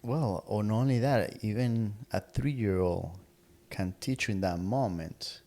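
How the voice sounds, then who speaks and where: Middle-aged man, fairly low voice, earnest motivational podcast co-host, thinks aloud with restarts. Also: unhurried, warm tone. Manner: earnest, repeats words while searching for phrasing. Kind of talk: casual motivational chat.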